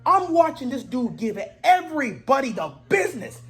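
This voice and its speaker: Woman ranting in an animated, high voice. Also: normal speed, breathy edge, soft background music. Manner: exasperated, repeatedly shouting in disbelief. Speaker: sports commentator. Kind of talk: heated sports rant.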